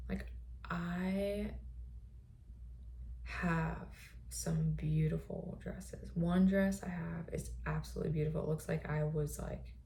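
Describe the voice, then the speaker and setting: A woman host in a reflective personal monologue, speaking softly and often slipping into a breathy whisper. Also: fairly low pitch, steady tone, takes it slowly, slight background noise. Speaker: podcast host.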